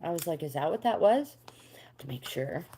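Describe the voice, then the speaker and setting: A woman's voice: low voice, lively intonation, normal speed, mellow, a little hiss or hum. Chatty older woman reading tarot live. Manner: chatty, reads card meanings aloud, answers viewers by name. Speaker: livestream host reading tarot cards. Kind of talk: casual livestream chat with tarot readings.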